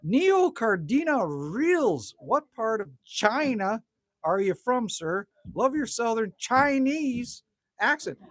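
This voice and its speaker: A man's voice: very high-pitched, very animated, slow, a bit bright, dry recording, clean studio sound. Chatty Canadian man on a livestream. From Manitoba, Canada. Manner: chatty, reads viewer comments aloud. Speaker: livestream host. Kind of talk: casual livestream chat. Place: outdoors by a campfire at sunset.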